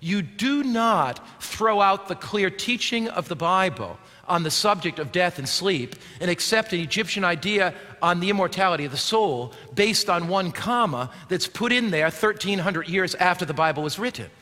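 A male pastor preaching a sermon, swinging from loud declaiming to a hushed near-whisper and asking his listeners rhetorical questions. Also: sits high, expressive, normal speed, hardly any pauses. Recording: long hall reverb.

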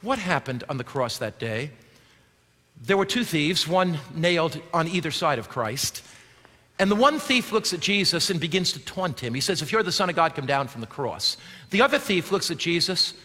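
A man preaching a sermon as pastor, swinging from emphatic shouts to low, quiet passages. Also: very animated, normal speed, in a large hall.

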